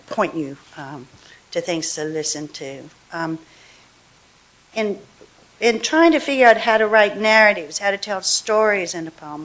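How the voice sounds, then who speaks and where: A woman poet at a live reading, talking casually between poems with fillers and restarts, then reading her verse slowly and deliberately. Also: fairly low pitch, a bit bright. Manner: chatty asides, slow deliberate verse reading. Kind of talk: poetry reading with commentary. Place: university reading hall.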